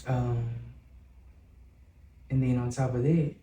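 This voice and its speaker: A man's voice: mid-range voice, fairly even intonation, mellow, roomy sound, distant mic, slight background noise, poor audio. A man with a Southern American accent, a guest singer, telling his story in an earnest, open and reflective way. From Southern United States. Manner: earnest and open, slow and reflective, with some hesitant "um"s. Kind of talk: candid personal storytelling.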